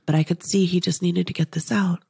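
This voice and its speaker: A woman podcast host telling an emotional personal story in an earnest, intimate way, dropping into soft whispers now and then. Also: on the low side, steady tone, brisk, vocal fry, breathy edge, no echo, clean studio sound. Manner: earnest, intimate, slips into soft whispers when quoting herself. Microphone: podcast microphone.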